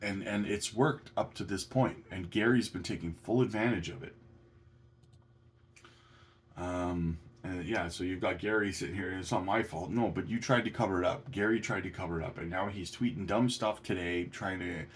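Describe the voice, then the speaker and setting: Indignant man with a low voice. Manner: indignant, rising to incredulous peaks; halting with many restarts and fillers. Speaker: crypto commentator. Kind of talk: casual commentary reading documents.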